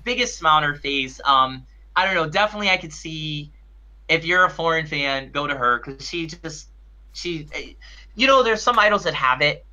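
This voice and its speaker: A man's voice: fairly high pitch, normal speed, pushed and bright. A man co-hosting a podcast, telling a story in casual chat with lots of restarts and fillers. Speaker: podcast co-host.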